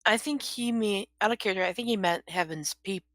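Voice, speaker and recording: A woman playing in a tabletop game who steps out of character to clarify things. Her voice is bright and crisp, recorded dry and close. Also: medium pitch, a little fast, dry recording. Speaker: player. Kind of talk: tabletop role-play.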